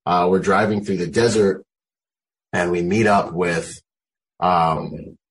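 Man, 40s, very deep voice, military veteran guest, animated storyteller, says "man" a lot, home video call. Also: takes it slowly, a little hiss or hum. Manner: animated storyteller, peppers speech with "man" and "you know". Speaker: guest, Marine combat veteran.

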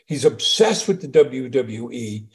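A middle-aged man from New York co-hosting a casual show, telling jokes and reading news stories in an animated way. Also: mid-range voice, measured pace. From New York, USA. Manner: animated storyteller, reads stories aloud. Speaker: podcast co-host, father. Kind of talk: casual chat.

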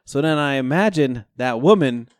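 Animated, swearing guy telling stories. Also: medium pitch, moderate pace, no room sound, studio quality. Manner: animated storytelling with profanity. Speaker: podcast co-host. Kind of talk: casual sports chat.

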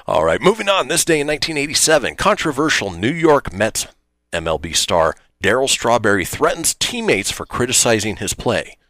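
A man's voice: mid-range voice, sing-song, normal speed, fairly bright tone, no room sound. A man hosting a radio show, reading history items in an easygoing way and chatting casually. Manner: easygoing, reads history items with light jokes.

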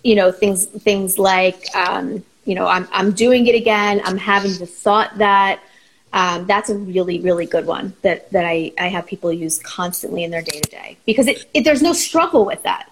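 A woman's voice: medium pitch, moderate pace, low-quality recording. A woman talking as a therapist in a casual podcast chat, acting out inner thoughts as she explains. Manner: explains with acted-out inner voices, lots of fillers.

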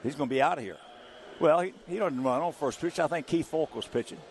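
An older man, a former ballplayer, telling stories as an interview guest in an animated, chuckling way. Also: on the high side, fast, slight background noise. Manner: animated storyteller, chuckling through anecdotes. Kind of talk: anecdotal interview storytelling.

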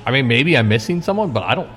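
A man co-hosting a sports podcast, talking in a rambling, halting way with many restarts. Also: mid-range voice, big pitch swings, a bit bright, long reverb tail, soft background music. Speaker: podcast co-host. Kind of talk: casual sports chat.

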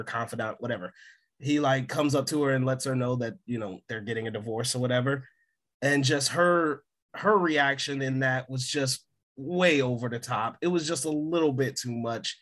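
A man chatting on a film podcast in an easy, rambling way. He fills his sentences with "like" and breaks into laughter often, and his voice sits at an ordinary middle pitch. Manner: laughs often, many "like" fillers. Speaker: podcast co-host. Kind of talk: casual film review chat.

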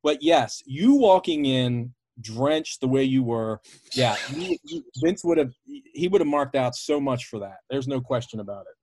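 Male podcast host, husky, relaxed interviewer. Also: medium pitch, a little slow, dry recording. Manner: agreeable, reflective, fills with uh. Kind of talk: casual interview chat.

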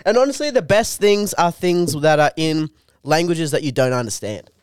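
Laid-back young man, crisp voice. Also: on the high side, lively intonation, normal speed, no room sound, clean studio sound. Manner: laid-back, swears constantly, says dude a lot. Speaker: podcast co-host. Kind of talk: crude casual chat.

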